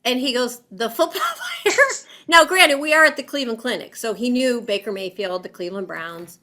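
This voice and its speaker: As an interview guest, a woman talks through a personal story in a bright, forward voice that's fairly high and a little fast. She leans heavily on fillers and brings her account to life by acting out the quoted voices.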